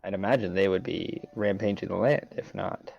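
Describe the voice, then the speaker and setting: A man's voice: sits low, fairly even intonation, moderate pace, vocal fry, lo-fi sound. A man playing a tabletop game who wryly describes what his character does. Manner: wry, narrates his actions. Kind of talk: in-character roleplay chat.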